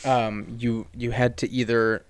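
A man in relaxed, rambling conversation on a home podcast, his voice smooth and clean. The sound is dry and close, with little room around it. He talks loosely, with fillers and false starts. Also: mid-range voice, unhurried, no echo. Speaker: podcast co-host. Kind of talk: casual chat.

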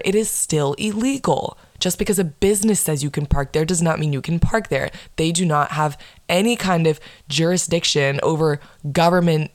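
A woman's voice: sits low, no echo. A young woman in her twenties hosting a casual solo podcast, ranting bluntly with plenty of swearing and sarcasm. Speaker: podcast host.

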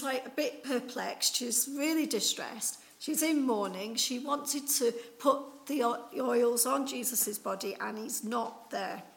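Gravelly chatty woman preacher. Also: sits high, a bit bright. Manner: chatty storytelling with many fillers. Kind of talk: informal Easter sermon.

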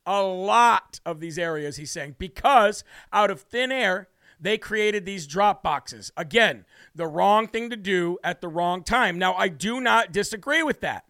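A man's voice: sits high, lively intonation, measured pace, sharp tone, dry recording. An American man hosting a political talk show, brashly ranting and heatedly mocking officials with opinionated commentary.

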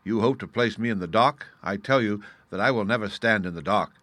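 An adult man voicing a soft-spoken, precise and menacing older criminal mastermind in an audiobook reading. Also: fairly low pitch, a little fast, dry recording, natural voice.

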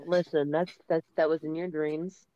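A man's voice: fairly high pitch, flat delivery, moderate pace, dull audio, noisy background. A man on a podcast, joking around in a playful, teasing way during casual chat.

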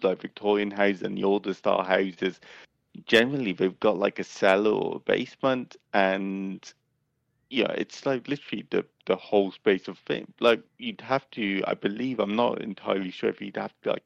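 A man's voice: on the low side, gravelly, no room sound. A man from Britain explaining things at length in casual chat, with many fillers. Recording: dull lo-fi remote mic.

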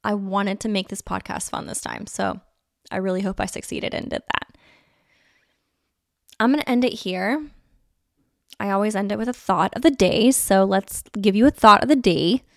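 Chatty woman with a gravelly fry. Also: medium pitch, normal speed, long pauses, no room sound, clean studio sound. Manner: chatty and nostalgic, many "like" fillers. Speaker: podcast host. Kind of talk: casual solo podcast monologue.

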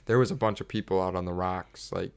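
An American man co-hosts a podcast, chatting casually and rambling along with restarts and laughs. His voice is low, gravelly, and smooth, and he talks at a quick pace.

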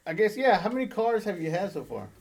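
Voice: medium pitch, big pitch swings, quick pace, a loud crowd. A host leading a casual chat, asking questions and teasing the guest with plenty of laughter.

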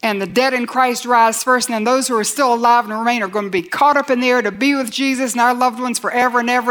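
A woman's voice: on the high side, fast, few pauses, a bit bright. A woman preaching a sermon in an earnest way, building with repeated lines and sometimes dropping almost to a whisper. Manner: earnest, drops to near-whispers for emphasis; builds with repetition and rising lines.

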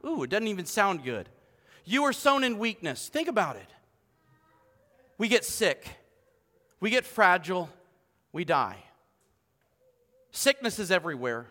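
A man preaching a sermon as pastor, animated and joking with the congregation in a church hall. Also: high voice, unhurried, pauses often. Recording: long church hall reverb.

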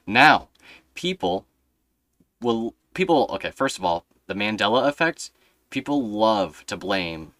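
A young podcast host with a low voice and a bright, forceful tone rambles through stories in a casual conversation, leaning heavily on fillers. His delivery is sing-song and a little slow, and the sound is dry, close, and echo-free.

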